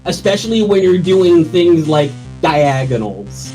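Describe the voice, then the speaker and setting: A man's voice: on the high side, very animated, unhurried, dark tone, poor audio. A man co-commentating a game race casually, explaining how the game works. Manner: explanatory, chuckling asides. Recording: faint game music behind.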